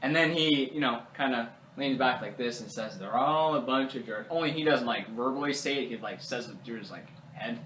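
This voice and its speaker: A man's voice: mid-range voice, a little fast, hardly any pauses, sharp tone, slight background noise. Rambling man recapping a movie, echoey room. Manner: rambling, full of fillers, mimics characters. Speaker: movie reviewer. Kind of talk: casual spoken movie recap. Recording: roomy echo.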